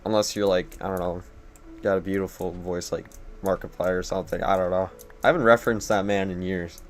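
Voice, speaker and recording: A man's voice: low voice, fairly even intonation, fairly quick, slight background noise. A young man live-streaming a game at his computer, rambling and joking at his own expense. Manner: rambling, joking and self-deprecating. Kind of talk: casual gameplay live-stream commentary.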